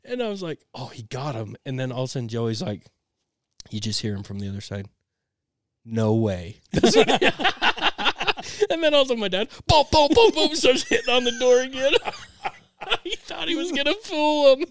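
A young man co-hosting a podcast, telling a family story in an animated way and laughing often. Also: very high-pitched, moderate pace, gravelly, dry recording, clean studio sound. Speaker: podcast co-host. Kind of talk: casual storytelling chat.

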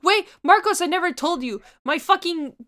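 A woman's voice: very high voice, lively intonation, normal speed, a bit bright. Playful young woman on a podcast. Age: young adult. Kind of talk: casual chat.

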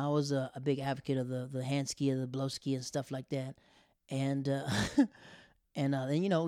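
Animated man telling a story, dry close mic. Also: no echo. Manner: animated, acts out quotes with sudden loud high bursts; drops to a near whisper for embarrassed asides. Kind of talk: casual storytelling.

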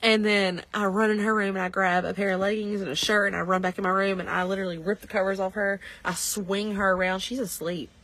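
A woman in her thirties with a Southern US accent, telling a lively story in casual podcast chat and laughing often. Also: medium pitch, quick pace, hardly any pauses. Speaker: podcast co-host.

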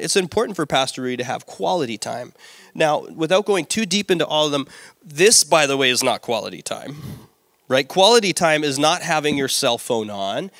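Bright-voiced middle-aged pastor preaching. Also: male voice, a little high, no echo, studio quality. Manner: lively storytelling with playful asides and acted-out quotes. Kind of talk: sermon.

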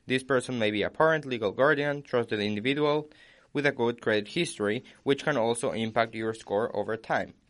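This is a young man hosting a podcast in casual chat, speaking at a middling pitch. He explains things step by step and often reads out information for the others. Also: a little fast, a bit bright. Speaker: podcast host.

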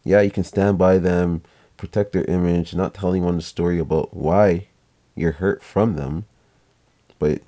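A young man casually telling a family story to camera, rambling, swearing now and then and acting out what people said. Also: low-pitched. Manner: relaxed, rambling, swears casually, acts out quotes.

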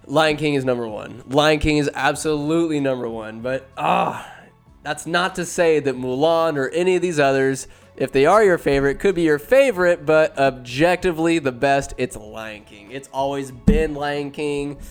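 Brief: man, animated casual vlogger, swings from musing to shouting, slightly high voice, faint music behind. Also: normal speed. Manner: swears freely, talks to himself. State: a bit tipsy. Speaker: vlogger ranking films. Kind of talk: casual excited commentary.

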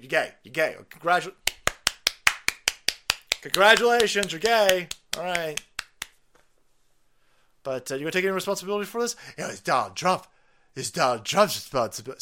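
A man's voice: fairly high pitch, pushed and bright. Sweary guy ranting on a stream, sarcastic, voice jumping up and down a lot. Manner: foul-mouthed, sarcastic, mocking, ranting. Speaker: streamer, political commentator. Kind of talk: profane political rant on a stream.

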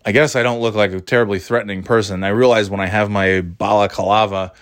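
A man's voice: lowish voice, steady tone, a little fast, a bit bright. A man telling a rambling, wry, self-deprecating story in a casual vlog. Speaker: vlogger.

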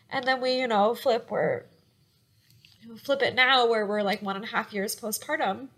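A young adult woman co-hosting a podcast, talking openly and emotionally in casual chat, with quick bursts and many fillers. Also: on the high side, steady tone, a bit bright. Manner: open, emotional, talks in quick bursts with frequent likes and you-knows. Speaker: podcast co-host.

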